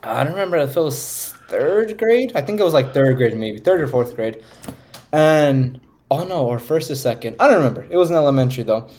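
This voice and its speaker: A man's voice: fairly high pitch, animated, a little fast, a little mellow. A young man hosting a podcast, telling a story in casual chat and laughing his way through it. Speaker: podcast host. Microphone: voice call microphone.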